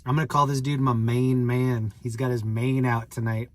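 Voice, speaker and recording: A man's voice: mid-range voice, flat delivery, moderate pace, a little mellow, no echo. A man casually chatting on a live stream, joking, rambling, and greeting viewers by name.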